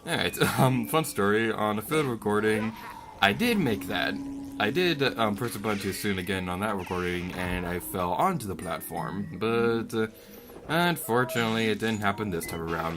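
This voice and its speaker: A man giving jokey let's-play commentary, who rants and yells at enemies in the game. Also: lowish voice.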